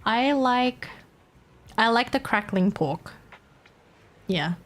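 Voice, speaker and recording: A woman's voice: on the high side, lively intonation, slow pace. A young Australian woman streaming live, chatting casually in a rambling, giggly, playfully crude way.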